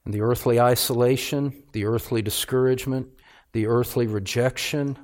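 A male pastor preaching a sermon, calling his listeners beloved and rising in pitch and volume on the points he stresses. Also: steady tone, darkish tone. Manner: rises in pitch and volume for emphasis, slows on key phrases.

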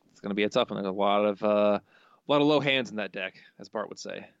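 A man co-hosting a casual podcast, relaxed and hedging in his answers. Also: lowish voice, quick pace, gravelly, clear, resonant tone, dry recording, muffled recording. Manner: relaxed, hedging, easy laughs. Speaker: podcast co-host.

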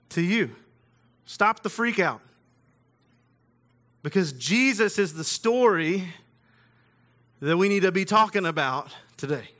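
A man's voice: high voice, animated, slow pace, long pauses, sharp tone. A man preaching a sermon in a casual, conversational way, with everyday slang. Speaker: pastor.

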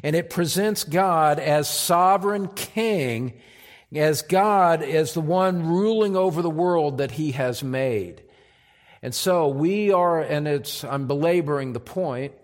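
A man preaching an expository sermon as pastor, emphatic and deliberate, repeating key phrases for weight. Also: fairly high pitch, long reverb tail. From United States. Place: church sanctuary.

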